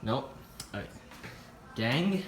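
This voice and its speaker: A man's voice: mid-range voice, expressive, drawn-out words, slight background noise. A teenage boy filming a cooking vlog in his home kitchen on a phone, joking brashly, swearing a lot and rambling off topic. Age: teens. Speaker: vlogger.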